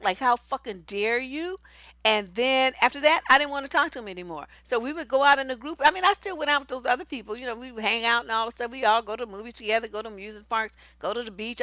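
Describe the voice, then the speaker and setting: A middle-aged woman coaching on relationships, blunt and salty, swinging between storytelling and pointed advice. Her voice is bright and forceful and sits a little high. The recording is dry and close. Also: fast talker, no room sound. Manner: blunt, profane, animated and conversational. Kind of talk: candid personal storytelling and advice.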